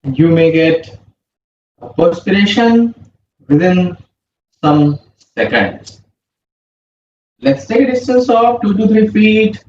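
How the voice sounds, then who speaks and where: Slow, high-voiced male yoga instructor. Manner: slow, calm breathing cues. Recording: roomy, distant, muffled with faint hum.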